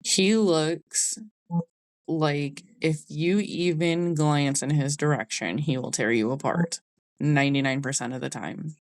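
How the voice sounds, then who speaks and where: A woman's voice: sits low, unhurried, dry recording. A young adult woman hosting a podcast, telling a personal story in a candid, conversational way. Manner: candid, conversational, Southern 'y'all'. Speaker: podcast host.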